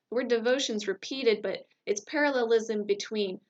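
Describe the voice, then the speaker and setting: A woman's voice: fairly high pitch, normal speed, few pauses, lo-fi sound. A woman teacher talking through a recorded lecture in a conversational way, checking in with "right?" and using fillers.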